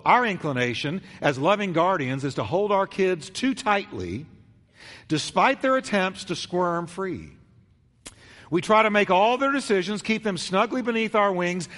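A man delivering a sermon from the pulpit, his slightly high voice rising and falling with wide, animated swings. He tells the story dramatically, going loud and then dropping to a near hush. The sound rings with a long reverb, as in a large church. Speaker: pastor.

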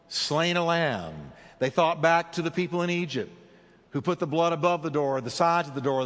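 Male pastor, animated sermon delivery, slightly high voice, long hall reverb. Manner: dramatic preaching with big swings in pitch and slowed emphasis.

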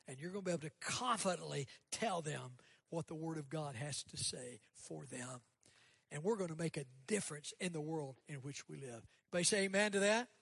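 Husky-voiced preaching man, high pitched. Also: no room sound. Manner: preaching with rising, shouted bursts and quiet, dropped lists. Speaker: guest pastor. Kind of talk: sermon with altar call. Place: church sanctuary.

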